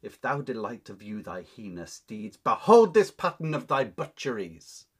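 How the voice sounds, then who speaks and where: A man's voice: medium pitch, big pitch swings, moderate pace, breathy edge. A man reading the lines of a grieving noblewoman who curses her enemy, declaiming the verse with rising force. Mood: defiant. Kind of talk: dramatic reading of a play.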